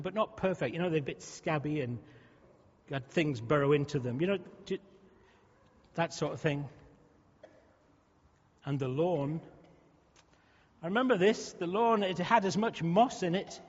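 A man's voice: a little high, unhurried, long pauses, husky. A male pastor preaching a sermon in a conversational way, often restarting and repeating words. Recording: muffled sound with long hall reverb.

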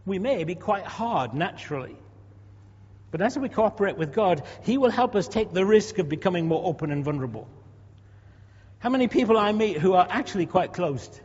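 A man's voice: high-pitched, big pitch swings, brisk, darkish tone, breathy edge. A man in his sixties preaching a sermon in a conversational way, asking rhetorical questions and repeating words as he goes. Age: 60s. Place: church. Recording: dull echoey hall recording.

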